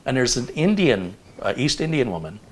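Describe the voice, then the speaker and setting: A man in his fifties hosting a casual live chat, telling stories in an animated, rambling way with lots of fillers. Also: mid-range voice, normal speed. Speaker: host.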